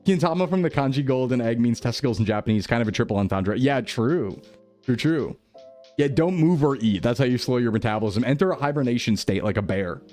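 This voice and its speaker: A man's voice: mid-range voice, lively intonation, a little fast, darkish tone, faint music behind. A man streaming, chatting casually with his viewers and laughing often. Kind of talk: casual chat reading chat.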